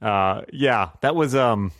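Casting: thirties man, lowish voice, dry sound, wry podcast panelist with chuckling asides. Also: takes it slowly, a bit bright, dry recording. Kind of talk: casual chat.

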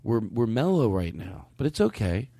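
A man's voice: lowish voice, sing-song, moderate pace, vocal fry, warm tone, dry recording. A man hosting a podcast, bantering with his co-hosts in a laid-back, joking, self-deprecating way. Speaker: podcast host.

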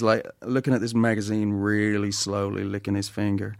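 A British actor as a podcast guest, telling animated stories with lots of restarts and laughs. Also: male voice, on the low side, a little fast, hardly any pauses, no echo. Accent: British English. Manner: animated storytelling, many restarts, laughs often. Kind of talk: podcast conversation.

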